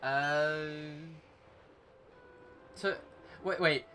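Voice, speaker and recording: Bright-voiced chatty streamer. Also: male voice, fairly high pitch, fairly even intonation, very slow, a little hiss or hum. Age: young adult. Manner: chatty, rambling, talks to chat and game character. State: sniffly, runny nose. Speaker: game streamer. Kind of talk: casual live-stream chat.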